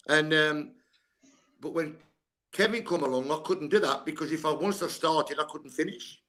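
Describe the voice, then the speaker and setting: A man's voice: fairly high pitch, normal speed, a bit bright. An older man, a guest sports coach telling blunt, candid stories and swearing freely. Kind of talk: candid storytelling chat.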